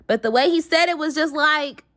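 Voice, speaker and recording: A woman's voice: high voice, normal speed, fairly bright tone. A young adult woman telling a casual storytime, blunt and heated, with heavy swearing.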